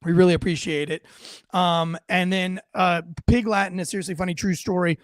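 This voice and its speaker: A man's voice: sits high, fairly even intonation, a little fast, no echo, clean studio sound. A man hosting a podcast, talking through a video clip in emphatic, casual commentary with frequent fillers. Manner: emphatic, punchy, with many fillers. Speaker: podcast host.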